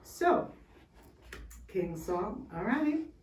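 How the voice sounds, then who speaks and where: A woman telling a Bible story to children at Sunday school, chatty and animated, with asides to the kids. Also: mid-range voice, very slow. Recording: roomy, from far off, faint hiss.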